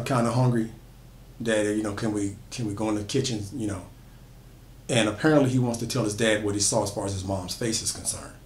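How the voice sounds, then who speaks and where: A man's voice: fairly low pitch, darkish tone, a little hiss or hum. Man casually retelling a horror story. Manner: conversational, loose retelling with frequent "you know" and restarts. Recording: echoey room.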